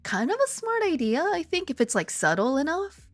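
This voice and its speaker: A woman streamer talks casually with her viewers, telling stories that jump up into high, excited exclamations. Her pitch swings widely and the sound is dry and close. Faint music plays underneath. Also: normal speed, dry recording. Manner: animated storytelling, swearing, laughing, jumps to high excited exclamations. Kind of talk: casual chat reading viewer comments. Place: lives in Korea.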